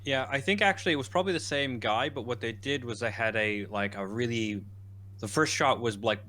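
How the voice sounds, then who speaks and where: Casual male podcast co-host, bright tone, rambling and animated. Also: medium pitch, a little fast. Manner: rambling, animated, quotes characters in lively bursts. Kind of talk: casual chat.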